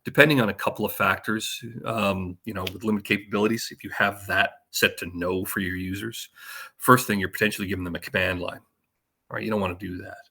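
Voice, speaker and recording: A man presenting a conference talk in a casual, joking and energetic way. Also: lowish voice, a little fast, husky.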